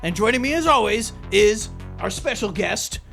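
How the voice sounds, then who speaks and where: A man's voice: high-pitched, lively intonation, moderate pace, creaky, fairly bright tone, faint music behind. A man hosting a comedic podcast in a playful mock-newsman manner. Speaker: podcast host.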